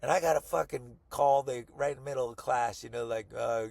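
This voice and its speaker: A man's voice: medium pitch, fairly quick, darkish tone, no echo. A man telling a rambling, profane story to friends on a podcast, often quoting the people in it. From Colorado, US. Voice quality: gravelly, husky. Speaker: podcast co-host. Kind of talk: casual storytelling among friends.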